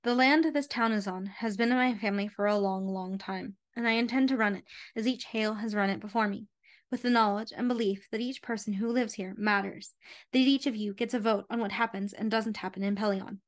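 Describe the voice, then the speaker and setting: A woman's voice: mid-range voice, a little fast, lightly acted. A woman reading aloud the lines of a shy young man addressing a town crowd. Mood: earnest.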